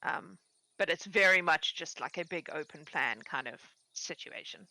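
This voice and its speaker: A woman running a tabletop role-playing game as game master, narrating scenes in a lively way. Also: deep voice, moderate pace, no room sound, rough recording. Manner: animated, switching between narration and character voices.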